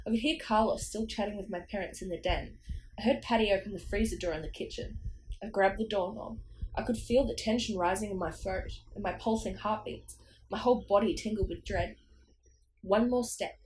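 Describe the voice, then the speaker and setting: A woman's voice: mid-range voice, darkish tone, slight background noise, low-quality recording. A woman reading a children's horror story aloud in short phrases, as an amateur narrator. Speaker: audiobook reader.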